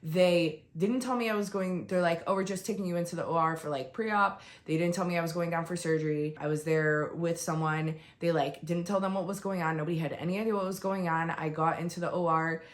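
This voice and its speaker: A woman with a fairly low voice tells a painful personal story straight to camera, close to tears. She drops quiet, then flares up heated and indignant. Her voice rings in an echoey room. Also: fairly even intonation, brisk, hardly any pauses. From United States. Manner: raw, upset, swings between quiet and heated. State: on the verge of tears. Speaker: vlogger. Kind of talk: emotional personal testimony.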